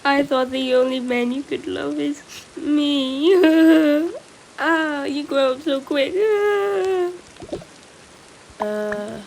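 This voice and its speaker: A woman's voice: high-pitched, takes it slowly, vocal fry, a little mellow. Playful girl voicing a doll-game family. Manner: playful, switches between character voices. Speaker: roleplay video maker. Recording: rain noise behind.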